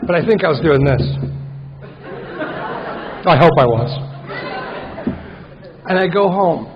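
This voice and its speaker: A man's voice: a little high, animated, takes it slowly, pauses often, some chatter behind, slight background noise. A man giving a wry recovery talk at a conference, telling a story and acting out his own inner voice. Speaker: AA conference speaker. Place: large conference hall. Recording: muffled conference hall recording.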